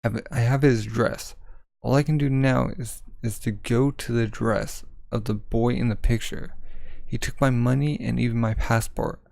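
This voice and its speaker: A man's voice: mid-range voice, steady tone, moderate pace, vocal fry, darkish tone, no room sound, rough recording. A man casually reading a manga aloud, describing the panels and voicing the characters' lines in his own voice. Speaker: manga reader.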